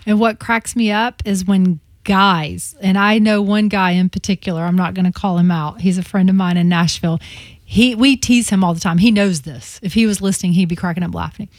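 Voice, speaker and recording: A woman co-hosting a morning radio show, telling animated stories with teasing asides and frequent laughter. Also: medium pitch, brisk, dry recording, clean studio sound. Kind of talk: casual radio banter. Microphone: studio microphone.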